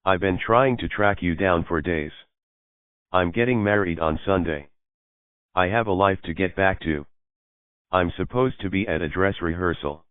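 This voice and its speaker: A man's voice: deep voice, moderate pace, clean tone, dry recording, natural voice. Young bride read by a man, indignant and snappish, dry phone-like audio. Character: young woman, a bride, flustered and sharp-tongued.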